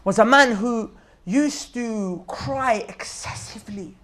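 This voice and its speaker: A man's voice: very high-pitched, slow pace, pushed and bright. A man giving a casual religious reminder talk, talking in everyday slang and pressing his listeners with emphatic rhetorical questions. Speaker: Islamic preacher.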